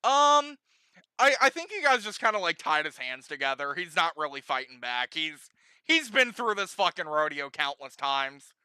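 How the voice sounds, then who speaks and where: A man narrating as game master of a tabletop game, relaxed, laughing often and swearing casually. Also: fairly high pitch, normal speed, clean tone, no room sound.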